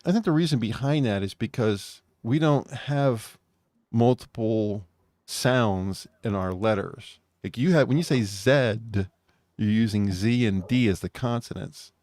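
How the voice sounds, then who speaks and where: A man with an American accent co-hosts a loose online talk show. His voice sits low, and he tends to ramble and circle back on his points. The recording is dry and close, with no room echo. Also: a little slow, a little mellow. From United States. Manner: rambling, restarts mid-thought. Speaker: co-host. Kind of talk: casual podcast chat.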